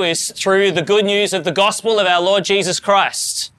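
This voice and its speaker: A man's voice: sits high, fairly even intonation, normal speed, fairly bright tone, a little hiss or hum. A man preaching a sermon to his congregation, earnest and rising to fervent emphasis. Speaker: pastor.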